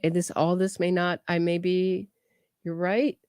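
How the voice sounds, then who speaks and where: A woman's voice: on the low side, little pitch movement, a little slow, a little mellow, clean tone, no echo. A woman commentating on trial footage in a chatty way, often restarting and trailing off mid-thought. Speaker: true crime commentator.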